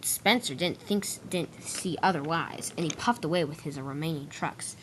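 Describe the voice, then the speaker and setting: A woman's voice: low-pitched, moderate pace, fairly bright tone, a little hiss or hum. A woman narrating a storybook-style toy train adventure, reading steadily with small restarts.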